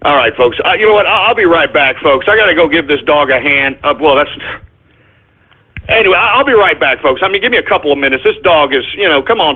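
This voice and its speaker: High-voiced exasperated man on a phone line. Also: animated, fast talker, husky. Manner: exasperated, repeats himself, ends up shouting at a dog. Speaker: radio show talker. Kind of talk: rambling live radio talk.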